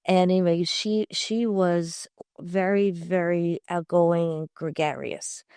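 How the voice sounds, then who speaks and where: A woman's voice: on the low side, fairly even intonation, slow pace, darkish tone, clean tone, no echo, studio quality. A middle-aged woman from Long Island, a podcast guest talking in an enthusiastic, chatty way with many fillers. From Long Island, New York. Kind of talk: conversational interview.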